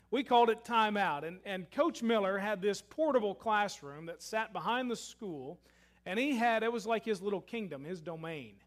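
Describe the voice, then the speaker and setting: A man preaching a sermon and telling a story, shifting between loud emphasis and hushed asides. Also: sits high. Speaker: pastor.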